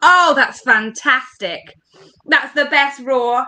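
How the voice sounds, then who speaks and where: A woman's voice: sits high, animated, slow, pushed and bright. A woman leading an interactive story workshop for children, talking in a playful, encouraging, sing-song way.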